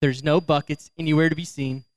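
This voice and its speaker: A young man giving a storytelling sermon, lively, acting out voices and laughing as he goes. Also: a little high, fairly quick, no room sound. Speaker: youth speaker.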